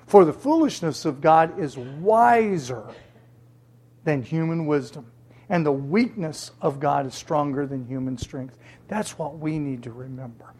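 Preacher, sermon, slow and deliberate, husky, emphatic repetition. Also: mid-range voice, a little mellow. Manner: emphatic, repeats key words for stress.

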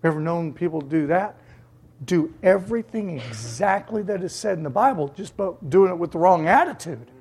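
A preacher delivering a sermon with emphasis, repeating key words for stress and acting out the voices of others with sudden jumps in pitch. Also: lively intonation, moderate pace, a little mellow, breathy edge.

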